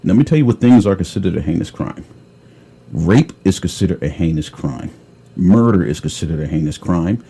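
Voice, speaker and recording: A deep, husky man tells a story in a blunt, tough-talking way. His voice is dark and mellow, and he keeps clearing his throat between lines. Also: expressive, brisk. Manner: blunt, tough-talking, retells calls with quoted dialogue. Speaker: podcast host telling a story. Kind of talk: casual storytelling chat.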